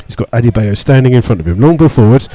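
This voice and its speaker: A man giving live radio football commentary from the stand, steady play-by-play with many fillers, rising sharply when he disputes a call. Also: medium pitch, fast, no room sound, poor audio. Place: stadium stand among fans.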